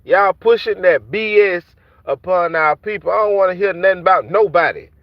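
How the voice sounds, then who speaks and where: A man's voice: high-pitched, moderate pace, dry recording. A man ranting to camera in heated, repetitive street talk, taunting and mocking the people he calls out. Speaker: vlogger ranting at rappers. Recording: dull dry lo-fi sound.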